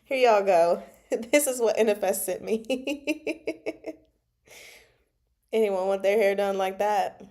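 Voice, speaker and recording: A woman's voice: medium pitch, slow, long pauses, a little mellow. A young adult woman hosting a casual book chat, playful and laughing often as she reacts to a novel. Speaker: book club host reading and reacting.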